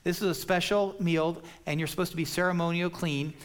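A man's voice: a little high, steady tone, fairly quick, smooth. A man preaching an expository sermon, explaining scripture in a plain, conversational way. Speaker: pastor.

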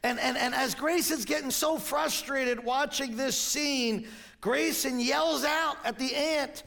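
An older man preaching a sermon as pastor, telling stories and quoting scripture, sometimes rising to shouts. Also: very high voice, takes it slowly, creaky.

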